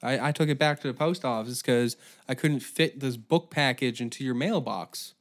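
A man's voice: mid-range voice, normal speed. Brief: young guy, comic solo rant, swearing and exasperated, mid-range voice. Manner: profane, exasperated ranting. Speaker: podcast host.

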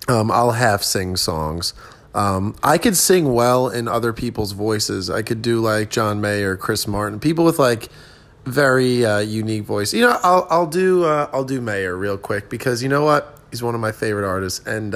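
A man's voice: medium pitch, creaky. A young adult man, a stand-up comedian, rambling through a casual solo podcast monologue with self-deprecating asides and many fillers.

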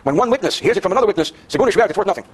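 A Torah teacher leads a daily class on Jewish law for students in the room, his high voice expressive, rapid-fire and edged with breathiness. He reads Hebrew passages aloud, then translates and explains them with jokes.

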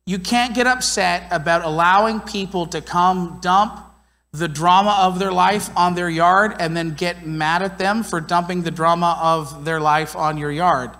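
A man's voice: high-pitched, fairly even intonation, a little slow, bright, forceful tone. A man preaching a sermon as a pastor, talking in a conversational, earnest and emphatic way. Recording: long hall reverb.

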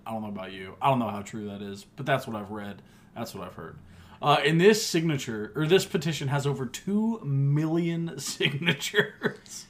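A man's voice: mid-range voice, a bit bright. Laid-back joking podcast co-host man. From United States. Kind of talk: casual sports chat.

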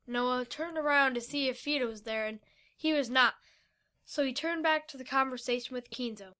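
High, bright woman reading a story. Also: moderate pace. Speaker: story reader. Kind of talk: storybook narration.

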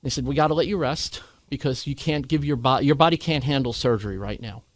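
A man candidly recounting a hard experience in conversation, earnest and animated when he quotes others. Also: medium pitch, fast talker. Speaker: guest sharing his cancer story.

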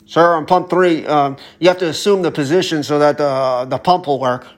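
A man's voice: a little high, moderate pace, close to an everyday voice. A man voicing an overly courteous male gas station attendant speaking over an intercom, repeating "sir.". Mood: mock polite.

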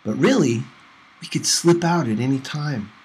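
A man reading aloud, voicing a calm, thoughtful young man from a novel. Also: mid-range voice, moderate pace, a little hiss or hum, lightly acted. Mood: reflective.

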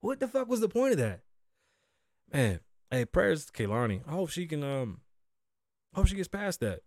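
This solo podcast host, a man in his thirties from the United States, rants and jokes loosely with plenty of swearing. His voice sits on the high side, slightly mellow, swinging widely in pitch at a normal speed, captured clean in a studio with no room sound.

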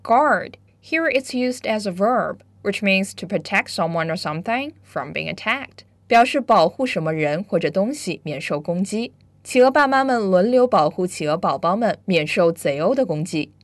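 A woman's voice: mid-range voice, animated, dry recording. Upbeat woman teaching English vocabulary. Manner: upbeat, switches between Chinese and English, slow careful pronunciation drills. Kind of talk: bilingual language lesson.

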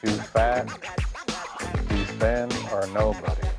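A woman voicing a gloomy, deep-voiced male poet who recites slow, bleak lines over a hip hop beat in a comedy parody ad. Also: fairly even intonation, over loud music. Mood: brooding. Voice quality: slow, deep, heavy delivery.

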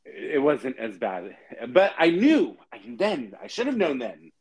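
Man, podcast co-host, casual chat, lively swooping pitch, dramatic storyteller. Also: unhurried, rough recording. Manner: animated storyteller, chatty, dramatic.

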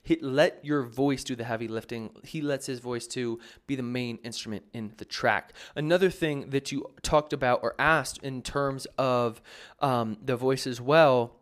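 A man's voice: mid-range voice, a little slow. A man, a music producer, talking casually and answering viewer questions, rambling with many fillers and restarts. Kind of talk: casual advice talk.

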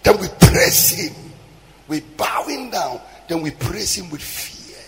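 A man preaching a sermon, shouting and half-singing his lines. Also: fairly high pitch, very animated, slow pace, gravelly, long reverb tail. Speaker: pastor.

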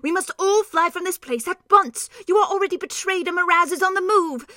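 A woman's voice: sits high, moderate pace, fairly bright tone, no room sound, clean studio sound. A woman voicing an earnest, learned old male doctor who explains plans in an urgent way.

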